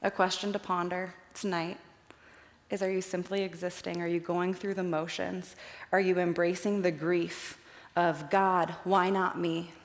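A woman's voice: fairly low pitch, normal speed. Chatty young woman in echoey hall. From Iowa. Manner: chatty, animated storyteller. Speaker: speaker giving a faith talk. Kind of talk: personal storytelling talk with slides. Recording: echoey hall with long reverb.

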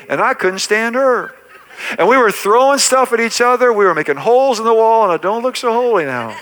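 High, bright-voiced pastor preaching. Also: male voice. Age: middle-aged. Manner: emphatic preaching with rising, swelling lines and hushed intense passages. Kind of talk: sermon.

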